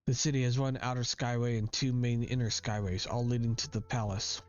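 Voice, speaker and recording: A man's voice: medium pitch, level tone, a little fast, smooth, lightly acted. A man reading the lines of a fussy, eccentric male doctor from a game aloud in a fairly plain voice. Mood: explaining. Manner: reads game dialogue aloud. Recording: dull lo-fi recording with faint game music.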